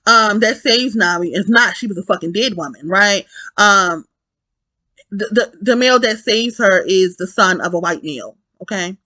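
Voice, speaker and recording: A woman delivers a casual spoken film review at normal speed, her medium-pitched voice animated and profane. She often repeats herself and corrects her own words, and there's no room sound.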